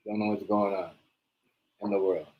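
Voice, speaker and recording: A man's voice: on the low side, little pitch movement, fairly quick, dull audio. A man hosting a reaction livestream, ranting in a heated, mocking way and repeating himself. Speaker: livestream host.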